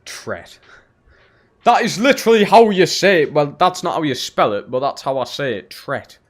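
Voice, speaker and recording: A man's voice: fairly high pitch, lively intonation, moderate pace. A young man live-streaming a football game, swearing freely and chatting back to his viewers. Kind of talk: casual live-stream chat while gaming.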